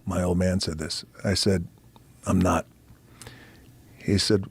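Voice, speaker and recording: A man as a podcast guest, telling a profane, animated story in casual conversation and acting out other people's lines. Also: sits low, takes it slowly, long pauses, breathy edge, no room sound.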